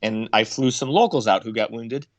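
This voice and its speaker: A man's voice: medium pitch, moderate pace, no room sound. A man, a former Marine, telling war stories casually on a podcast, acting out quotes in raised voices. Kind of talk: casual storytelling.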